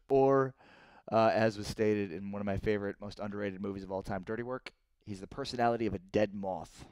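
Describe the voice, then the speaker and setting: A man's voice: fairly low pitch, fairly quick, clean tone, no room sound. A man in his thirties hosting a live-streamed sports talk show, reading viewer comments and getting worked up over trades. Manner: excitable, rises sharply when indignant.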